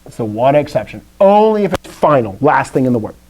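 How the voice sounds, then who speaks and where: A male teacher leading a live Greek lesson, his pitch rising and falling a great deal as he explains. His voice is mellow and warm, and he keeps asking the class questions in a playful, animated way. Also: a little fast, slight background noise, low-quality recording.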